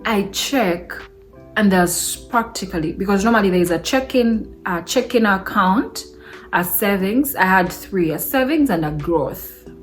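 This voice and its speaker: A woman vlogger telling a personal story in a casual, animated way, often breaking into laughter. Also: medium pitch, unhurried, faint music behind. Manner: animated, laughs between remarks.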